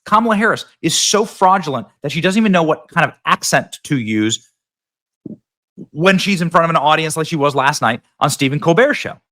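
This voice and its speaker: A man's voice: on the high side, fast, few pauses, pushed and bright. A man hosting casual political commentary, sarcastic and mocking, sometimes mimicking voices.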